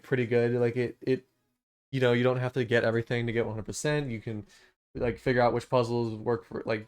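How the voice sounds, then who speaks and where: A young man chatting live on his stream, rambling and restarting his sentences with lots of "like" and "um". His voice is smooth and clear at an ordinary pitch, and he jumps into sudden swearing bursts of enthusiasm. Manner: enthusiastic, full of fillers and restarts, swears when excited. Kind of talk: casual rambling stream chat.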